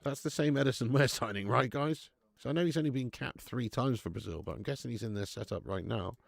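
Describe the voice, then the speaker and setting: A man's voice: medium pitch, fast talker, vocal fry, no echo. A man hosting a live football watch-along, chatting casually, bantering with viewers and swearing now and then.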